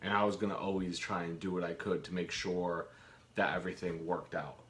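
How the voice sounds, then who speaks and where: A man's voice: low voice, level tone, brisk. A man co-hosting a live home Q and A from his kitchen, chatting casually and rambling with jokes and restarts. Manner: rambling, jokey, trails off and restarts. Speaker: co-host of a live Q and A.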